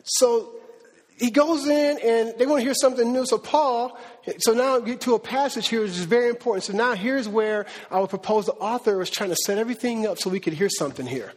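A male pastor preaching a sermon in a lively, conversational, slangy way. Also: extremely high pitch, fairly quick, big-room sound.

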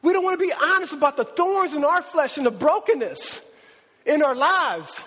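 A man's voice: extremely high pitch, animated, moderate pace, a bit bright, big-room sound. A man preaching a sermon as pastor, impassioned, who acts out the voices he quotes and chokes up at times.

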